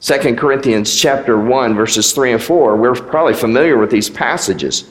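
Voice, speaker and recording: A man's voice: medium pitch, animated, moderate pace. A man preaching a sermon as pastor, in a conversational way with rhetorical questions. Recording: echoey hall with long reverb.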